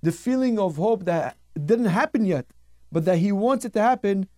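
A man's voice: high-pitched, lively intonation, moderate pace, dark tone, no echo, studio quality. A man teaching a radio Torah class, telling stories in an emphatic style and repeating words for effect.

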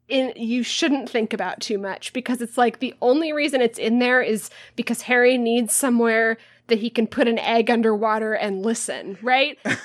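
A woman co-hosting a podcast in casual chat, wry and laughing, swearing now and then. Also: on the high side. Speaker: podcast co-host.

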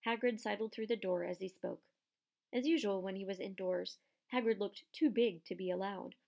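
A woman narrating a children's novel as an audiobook, giving lively voices to the characters. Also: mid-range voice, moderate pace, gravelly. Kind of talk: scripted narration.

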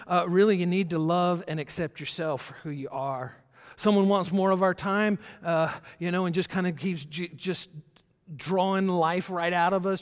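A male pastor, a little high-pitched for a man, tells a sermon story in an easy, conversational way. He stumbles through restarts and fillers. His voice carries a long reverb, as if recorded in a church sanctuary.

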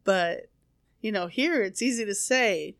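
A woman's voice: medium pitch, a little slow, no echo, studio quality. A woman in her thirties in easygoing casual chat, acting out the dialogue in her stories.

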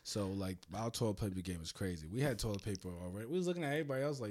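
A man in casual podcast chat, telling stories loudly and animatedly and swearing a lot. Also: fairly low pitch, expressive, racing, hardly any pauses.

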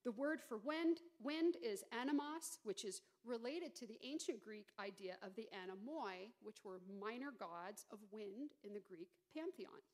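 A middle-aged woman pastor delivers a sermon in a high voice. She retells the story with animated, dramatic emphasis, slowing for the tense moments.

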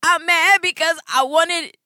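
A woman voicing her upset seven-year-old son, whiny and tearful, in a high voice. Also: steady tone, measured pace, pushed and bright, no echo, studio quality, heavily acted. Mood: excited.

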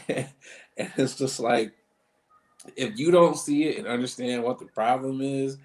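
A man's voice: mid-range voice, measured pace, darkish tone, rough recording. Profane, laughing podcast host man. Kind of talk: casual chat.

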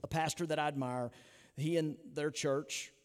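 Male pastor, emphatic sermon delivery, slightly high voice, long church-hall reverb. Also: fairly even intonation, normal speed, clear, resonant tone. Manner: earnest, emphatic preaching with rhetorical questions. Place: church sanctuary.

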